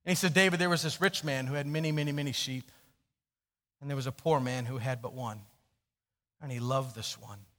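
A man preaching a sermon, telling a story and swinging from hushed, low passages to loud, emphatic questions. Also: fairly quick, pauses often. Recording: long hall reverb.

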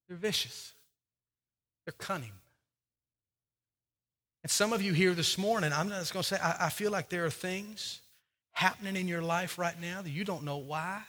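A man preaching from the pulpit in a high, bright voice. He repeats phrases for emphasis. His words ring with a long reverb from the church hall. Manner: preaching with rising and falling intensity, repeating phrases. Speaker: pastor. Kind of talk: sermon. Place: church sanctuary.

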